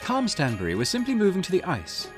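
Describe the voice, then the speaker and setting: A man voicing a fussy, high-voiced male expedition member in a video game, speaking in a prim, soothing way. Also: wildly swooping pitch, fast talker. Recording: game music behind.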